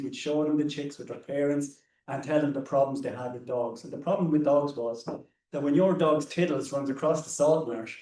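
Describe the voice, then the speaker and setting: A man's voice: medium pitch, mellow. An Irish man on a discussion panel, telling stories in an anecdotal way and often repeating words as he goes. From Ireland. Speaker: conservationist panelist. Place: hall or seminar room. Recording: roomy, distant mic.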